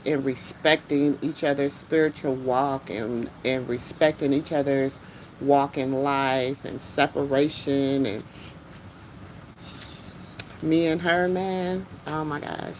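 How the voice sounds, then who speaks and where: A woman vlogger talking casually and emotionally to her viewers, excited and exclamatory, repeating herself often. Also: very deep voice, slight background noise, poor audio.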